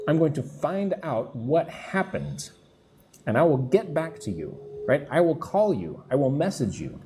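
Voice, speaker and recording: A man living in Vietnam teaches a live English class, his warm, mid-range voice swinging widely in pitch. He slowly explains words and checks in with students as construction noise sounds near his room.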